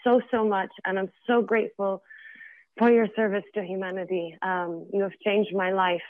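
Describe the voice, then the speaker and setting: A woman's voice: medium pitch, level tone, moderate pace, dry recording. Woman caller, phone line sound, emotional and thankful, lots of ums. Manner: emotional, grateful, hesitant with fillers.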